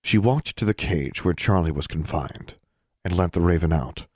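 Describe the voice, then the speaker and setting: Deep-voiced male audiobook narrator. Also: moderate pace, a little mellow, husky, no room sound, clean studio sound.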